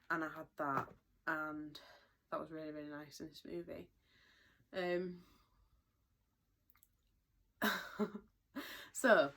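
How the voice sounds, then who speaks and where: A young British-accented woman, a vlogger, gives a casual vlog update at home in a low voice. She's chatty and rambling, using lots of fillers, and occasionally sounds a bit out of breath in this relaxed, everyday talk.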